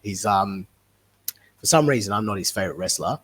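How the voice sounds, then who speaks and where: A man's voice: lowish voice, a little fast, slightly rough. A man, a wrestler talking casually as a podcast guest, rambling and laughing easily. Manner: relaxed, rambling, laughs often.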